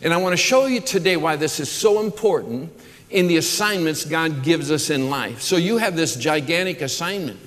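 A man's voice: a little high, expressive, moderate pace, a bit bright. A man preaching a sermon as pastor, earnest, often restarting and repeating words as he builds lists. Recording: long hall reverb.

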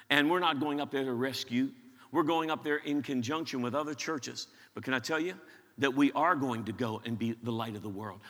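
Energetic pastor in a reverberant hall. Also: male voice, medium pitch. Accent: western Pennsylvania. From western Pennsylvania. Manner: energetic, repeats words when excited. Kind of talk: sermon announcements. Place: large church auditorium.

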